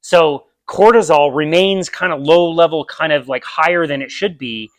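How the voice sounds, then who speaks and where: Out in a park, a nutrition seminar presenter with an American accent gives a casual lecture, illustrating points with vivid everyday examples. His voice is on the high side at a moderate pace, and there's no room sound.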